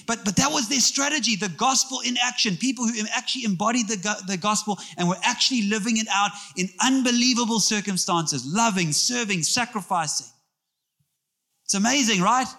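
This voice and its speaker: A man preaching in a church, his voice sitting high for a man. He moves from storytelling into animated jokes with the congregation and back to earnest appeals. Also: normal speed. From South Africa. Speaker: pastor. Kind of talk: sermon.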